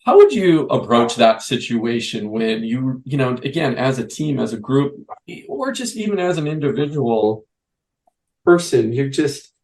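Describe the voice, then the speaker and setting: A man hosting a youth basketball coaching podcast, talking through a coaching problem in a loose, rambling way. He restarts sentences often and leans on fillers as he thinks aloud. His voice sits at an ordinary middle pitch. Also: animated, unhurried, darkish tone, low-quality recording. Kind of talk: conversational podcast interview.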